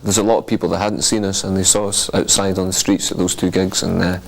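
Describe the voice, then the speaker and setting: A man's voice: sits low, level tone, quick pace, vocal fry. A man from a band recounting gigs in a casual interview, rambling with restarts and fillers. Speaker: band member.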